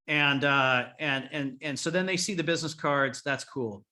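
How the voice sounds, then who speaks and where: A man's voice: fairly high pitch, moderate pace, few pauses, sharp tone. A man coaching a group of remodelers in a blunt, profane style, rallying his listeners. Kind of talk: coaching talk to a live group.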